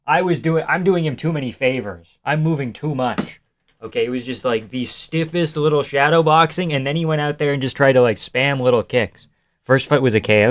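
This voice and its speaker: Watching fights on a live stream, a man reacts in loose, profane, chatty talk, answering his viewers and greeting chat by name. His middle-range voice is smooth and resonant, recorded close on the mic with a dry, dead sound and no room sound, at a moderate pace.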